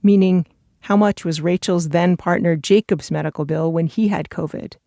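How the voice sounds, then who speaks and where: A narrator reading scripted documentary narration in a measured, even way. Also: mid-range voice, vocal fry, no echo, studio quality.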